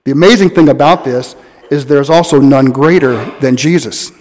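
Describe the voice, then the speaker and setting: Pastor preaching in a reverberant hall. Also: male voice, mid-range voice, darkish tone. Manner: earnest preaching with slow, weighty emphasis. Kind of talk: sermon. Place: church sanctuary.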